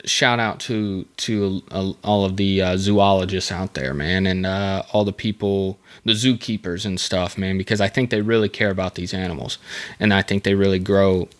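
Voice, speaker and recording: A man with a slightly low voice hosts a casual solo podcast. He reads facts from a script, then wanders into loose, joking tangents. He stumbles and circles back often along the way. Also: fairly even intonation. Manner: reads facts aloud, then breaks off into rambling jokey asides; halting, with many fillers and restarts. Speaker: podcast host.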